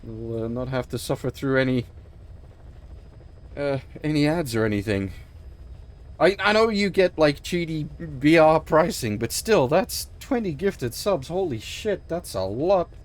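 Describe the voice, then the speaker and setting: A man's voice: on the high side, expressive, measured pace. A man streaming a game in a loose, rambling chat, swearing freely as he reacts and sounding a little choked up. His voice sits a touch above the usual male range. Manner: rambling, emphatic, swears often. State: emotional, choked up. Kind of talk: casual livestream commentary.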